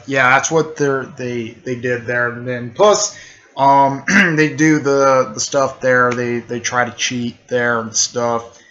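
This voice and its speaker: A man retelling a fan story in a rambling, halting way, full of fillers and restarts. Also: medium pitch, a bit bright, highs cut off. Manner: halting, filler-heavy, repeats "technically" and "there".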